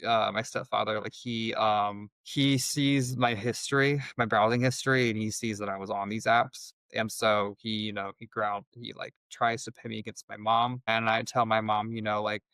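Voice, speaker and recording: A young man speaking as an interview guest, telling a personal story in a halting way with many filler words. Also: fairly low pitch, flat delivery, a bit bright, smooth, no room sound, rough recording. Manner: halting, heavy use of "like" fillers.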